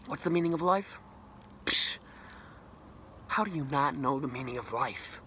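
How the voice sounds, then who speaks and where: A man rambling as a boastful mock self-help guru, jumping between loud bursts and hushed whispers with a self-described put-on accent and lisp. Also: animated, moderate pace, a little hiss or hum. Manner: rambling, boastful, absurd know-it-all; sudden pitch jumps and dropped whispers. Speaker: comedic vlogger.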